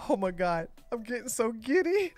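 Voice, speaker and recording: A woman hosting a live-streamed political podcast, talking in an excitable, theatrical way and laughing often. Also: fairly high pitch, normal speed. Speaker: podcast host.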